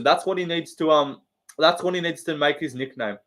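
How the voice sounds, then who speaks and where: A young man with an Australian accent chats through a live stream, reading viewer comments and firing back jokes. His voice sits a little high for a man, and the talk is loose and full of slang and swearing. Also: normal speed, fairly bright tone.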